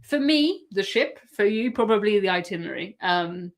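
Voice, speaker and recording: A woman's voice: mid-range voice, expressive, normal speed. An English woman chatting casually on a live stream, answering viewer questions and laughing often. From England. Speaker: cruise live-stream host.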